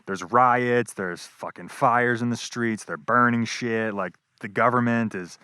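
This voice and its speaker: A man's voice: medium pitch, a little slow, pushed and bright, smooth, no room sound, clean studio sound. A young man telling a casual travel vlog story, rambling and swearing freely, with lots of "like" and "um". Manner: rambling, profane, full of fillers. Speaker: travel vlogger. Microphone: wireless clip-on mic.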